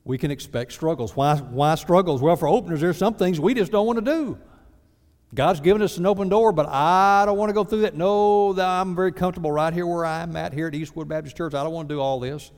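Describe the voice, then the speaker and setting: A man preaching a sermon as a pastor, lively and acting out mock prayers in other voices. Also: sits high, a little fast. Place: church sanctuary. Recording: reverberant church sanctuary.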